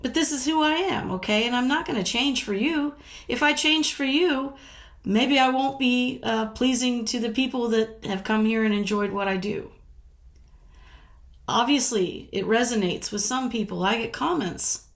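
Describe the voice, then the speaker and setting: A middle-aged woman from the US speaks straight to her camera in a fairly high voice. She is blunt and indignant, swears freely and breaks into short laughs between points. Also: moderate pace. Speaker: vlogger. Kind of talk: casual talk to camera.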